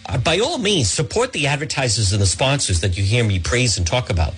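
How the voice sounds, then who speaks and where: A husky-voiced man hosts a talk radio show into a studio microphone. He rambles from point to point in a chatty way, forever addressing his listeners as "folks." His pitch sits in the middle of a man's range. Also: big pitch swings, a little fast, fairly bright tone.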